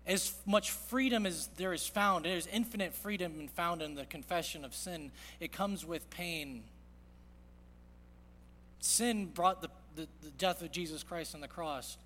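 A man preaching a sermon as pastor, earnest, moving from loud emphasis to hushed quiet. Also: a little high, measured pace. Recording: long reverb of a large hall.

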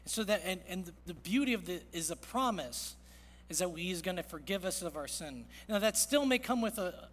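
Man, pastor, high voice, earnest sermon delivery, big echoing sanctuary. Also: lively intonation, brisk, few pauses. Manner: earnest, swings from loud emphasis to hushed quiet. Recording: long reverb of a large hall.

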